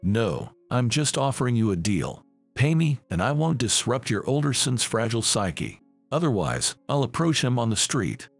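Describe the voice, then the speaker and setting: A man's voice: medium pitch, sing-song, moderate pace, soft background music. A man voicing a drunk, brazen woman who taunts and tries to extort a family, reading her lines with an impudent, mocking manner. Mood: taunting.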